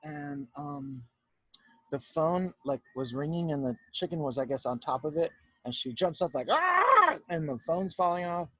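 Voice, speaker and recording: A male teacher reading a picture book aloud to children on a home video, chatty and animated, often stopping to talk to the kids about the pictures. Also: a little high, moderate pace, dry recording. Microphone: home video recording.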